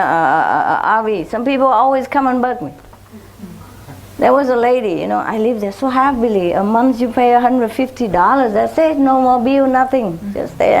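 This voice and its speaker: A woman's voice: medium pitch, slight background noise. A woman spiritual teacher telling chatty anecdotes to her followers in simple, loose English. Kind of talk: informal talk to followers.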